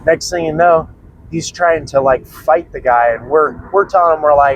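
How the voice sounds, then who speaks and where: A man's voice: on the high side, normal speed, a little hiss or hum, poor audio. Rambling young man telling a story. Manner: rambling, swears freely, laughs while telling. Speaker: prepping channel host. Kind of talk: casual storytelling.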